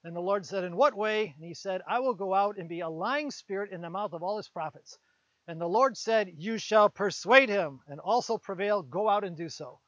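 A man preaching a conversational sermon, retelling a Bible story with quick voiced asides for its characters. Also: high voice, fairly bright tone, dry recording. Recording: dull, lo-fi sound.

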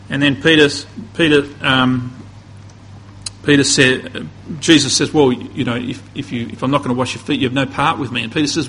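A man's voice: medium pitch, fairly even intonation, a little fast, bright, forceful tone, slight background noise, poor audio. A man preaching a conversational sermon, building to emphatic peaks and often restarting his phrases.

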